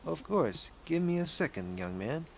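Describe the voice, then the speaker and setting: A man putting on a gentle elderly widow. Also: a little high, sing-song, moderate pace, gravelly, a little hiss or hum, voice pushed up. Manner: polite and apologetic.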